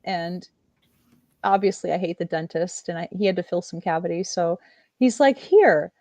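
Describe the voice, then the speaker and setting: A woman co-hosting a podcast, chatting casually and telling candid, animated stories. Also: on the low side, normal speed, dry recording. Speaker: podcast co-host. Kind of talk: casual chat.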